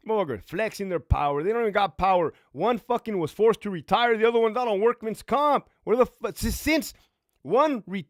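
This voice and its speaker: A man's voice: high-pitched, animated, normal speed, no echo, studio quality. A man hosting a live stream, telling stories and ranting bluntly with heavy swearing, acting out the quoted voices as he goes. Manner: acts out quoted voices while retelling. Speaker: livestream host. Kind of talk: casual livestream storytelling.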